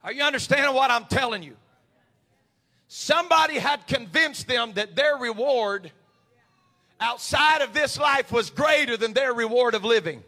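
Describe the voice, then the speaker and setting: A male pastor preaching a sermon, swinging from quiet confiding talk to shouted, impassioned preaching. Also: very high-pitched, animated, moderate pace.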